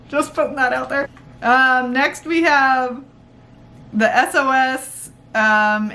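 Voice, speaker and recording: A young woman filming an unboxing vlog, gushing and squealing with excitement, rambling with fillers. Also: high voice. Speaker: vlogger.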